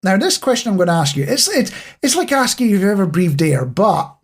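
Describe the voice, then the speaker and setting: A man with a husky, breathy voice co-hosts a casual chat podcast. He talks in a playful, self-mocking way and often speaks straight to the listener. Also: sits high, sing-song, a little fast. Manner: chatty, addresses the listener directly. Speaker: podcast co-host.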